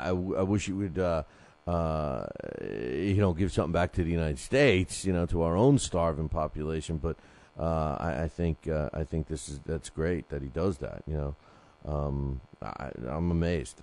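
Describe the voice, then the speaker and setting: A man with a low, dark, mellow voice hosts a solo boxing show. He rambles casually, stumbling through fillers and restarts while he reads out listener emails. His delivery stays loose and conversational. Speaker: boxing podcast host.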